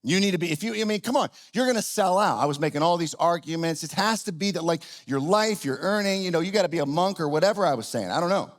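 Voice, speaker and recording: Conversational middle-aged pastor, fairly high voice. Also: male voice, lively intonation, fast talker, hardly any pauses. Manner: conversational, self-deprecating, with frequent restarts. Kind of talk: sermon. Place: church auditorium.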